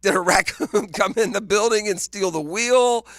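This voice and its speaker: A man's voice: high-pitched, moderate pace, a bit bright, no echo, studio quality. A man co-hosting a morning sports radio show, chatting casually, teasing and laughing often. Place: radio studio. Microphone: studio microphone.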